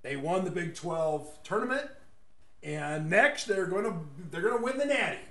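A man with a fairly high voice rambles through a casual, opinionated monologue. He mocks his targets and chuckles at his own jokes. His voice rings in an echoey room. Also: animated, moderate pace, sharp tone. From West Texas.

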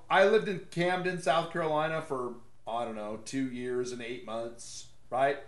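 A man hosting casual political commentary in a sarcastic tone, laughing at his own jokes. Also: a little high. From American South. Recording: echoey room.

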